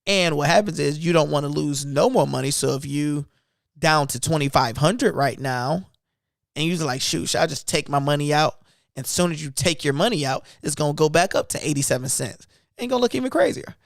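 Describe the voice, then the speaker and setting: Gravelly casual male investing host. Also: a little high, animated, a little fast, no room sound, studio quality. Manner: loose and conversational, talking through trades. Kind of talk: casual livestream chat.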